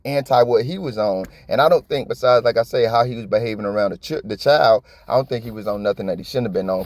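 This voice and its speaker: A man's voice: mid-range voice, a little mellow, no echo. A man giving blunt, profane, impassioned reaction commentary in a slangy, conversational way. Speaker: video commentator.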